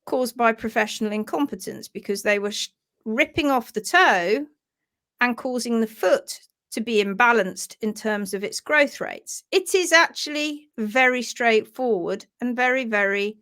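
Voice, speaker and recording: A woman teaching hoof care on a live stream, animated and chatty. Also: on the high side. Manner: animated, acts out little voices for hoof parts.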